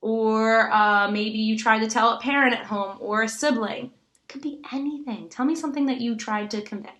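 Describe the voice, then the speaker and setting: A woman teacher recording an online lesson for children, animated and full of gasps and rhetorical questions. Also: a little high, moderate pace.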